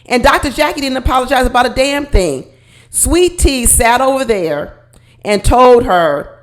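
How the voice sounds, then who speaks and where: A woman with a fairly high voice gives a casual vlog review of a reality TV show. She talks straight to her viewers in a blunt, emphatic and colloquial way. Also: animated, moderate pace.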